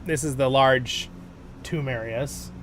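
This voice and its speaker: A man's voice: mid-range voice, slow pace, a bit bright, a little hiss or hum. A man casually talking his viewers through a video game on a livestream, rambling and correcting himself as he goes. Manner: chatty, rambling, self-correcting. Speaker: livestream host.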